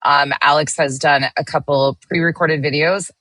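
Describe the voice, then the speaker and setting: A woman streamer talks casually to her chat, greeting viewers one by one as she reads their comments. Her voice sits low in pitch but has a bright, forward edge. The sound is dry and close, and her delivery is blunt, with the occasional swear. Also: fairly even intonation, normal speed, no room sound. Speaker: livestream host.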